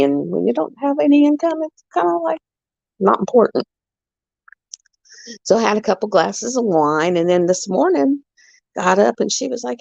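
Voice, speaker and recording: A woman's voice: deep voice, gravelly, a little mellow, dry recording, muffled recording. A middle-aged woman rambling through chatty stories while hosting a casual livestream. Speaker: livestream host. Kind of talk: casual chat while crafting.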